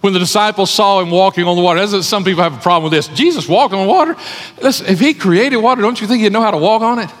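A pastor preaches an emphatic sermon, repeating phrases for effect. His voice is high-pitched and he talks fast. The church hall holds an audience, and the recording carries a long hall reverb.

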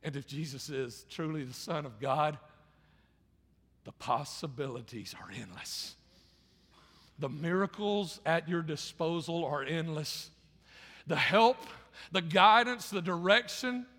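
A man's voice: on the high side, measured pace, sharp tone, long reverb tail. A male pastor preaching a sermon, impassioned, often repeating words and restarting phrases as he builds.

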